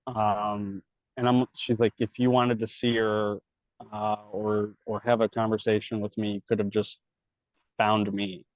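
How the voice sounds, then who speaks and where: A man with a lowish voice speaks flatly at a measured pace, recorded in a dull, dry podcast setting. He's a podcast guest telling candid stories in a casual, heavily profane way, acting out both sides of each conversation.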